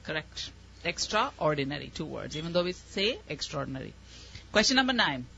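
Lively woman quizmaster, muffled recording. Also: on the low side, fairly quick, vocal fry, slight background noise. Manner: encouraging, explains words patiently. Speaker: spelling bee quizmaster. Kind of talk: running a live spelling contest. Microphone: microphone.

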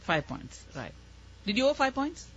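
A woman's voice: high voice, sing-song, normal speed, a little hiss or hum. A woman running a live spelling contest as quizmaster, encouraging and explaining words patiently. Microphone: microphone. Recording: muffled lo-fi recording.

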